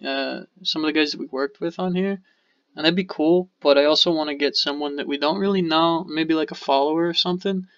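A man's voice: fairly high pitch, steady tone, fairly quick, dry recording. A man co-hosting a casual podcast, telling a story in a rambling, profane way and acting out the people in it. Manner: rambling, profane, acts out quotes. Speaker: podcast co-host. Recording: dull lo-fi podcast audio.

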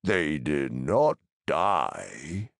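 A man reading an audiobook, voicing an ancient, slow-spoken male tree giant in a deep, creaky rumble. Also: sing-song, dry recording, studio quality, heavily acted. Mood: sorrowful. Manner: slow, ponderous, sorrowful.

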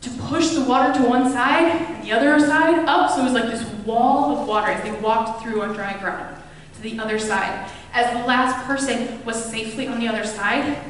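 Woman pastor, conversational sermon, slightly high voice, reverberant church hall, distant mic. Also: normal speed, a little hiss or hum. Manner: conversational storytelling, retells scripture in casual voices.

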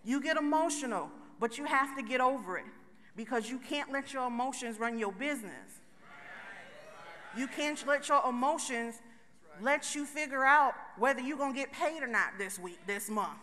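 A woman's voice: high-pitched, expressive, moderate pace, sharp tone. A woman giving a chatty, joking motivational talk to a live conference audience, speaking straight to the crowd. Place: large conference hall. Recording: long reverb of a large hall.

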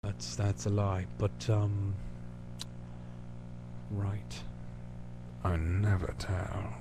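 A man from the United States chatting casually with hesitant pauses as the host of his own channel. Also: fairly low pitch, little pitch movement, heavy background noise. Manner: rambling, hesitant, full of pauses. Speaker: channel host answering questions. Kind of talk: casual recorded chat.

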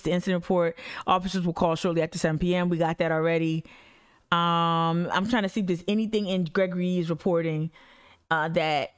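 A woman's voice: lowish voice, clean tone. A woman, an activist commentator reading news aloud and breaking off into blunt, profane rants. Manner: blunt, profane, swings between animated rants and mumbled reading.

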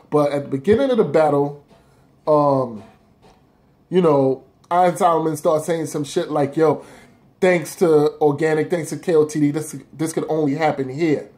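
A man's voice: a little high, a little mellow. A man casually counting down his favorite rap battles of the year on his own blog, talking loosely and cursing freely. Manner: loose, profane, rambling street talk.

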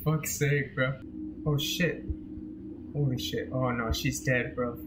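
A young man reacts to a horror game with jumpy, profane commentary. His voice sits on the high side and leaps into frightened yells. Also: animated, unhurried, heavy background noise. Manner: jumpy, swearing, yelling in fright. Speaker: gaming video creator.

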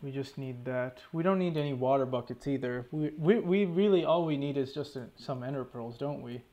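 A man's voice: medium pitch, fairly quick, mellow, lo-fi sound. A man casually commentating his own gameplay, talking to himself, stressed, annoyed and swearing often. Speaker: gaming channel host. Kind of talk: casual let's play commentary.

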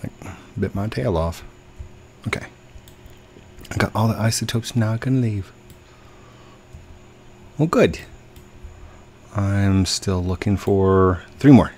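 A man's voice: on the low side, slow, pauses often, a little mellow, a little hiss or hum. A young man giving playful live commentary while playing a game, talking to the other players and his own character. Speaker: gaming video host.

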